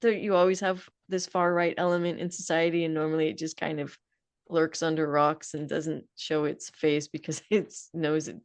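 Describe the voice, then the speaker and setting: Woman podcast host, somewhat low and earnest, talkative; dry close sound. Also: flat delivery, normal speed, clean tone, no room sound. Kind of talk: casual interview chat.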